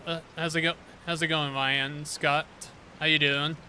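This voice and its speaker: A man's voice: on the high side, little pitch movement, a little slow, pushed and bright, slight background noise. A man streaming a horror game, chatting casually with his viewers in a rambling way. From Detroit, Michigan. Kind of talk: casual gameplay commentary.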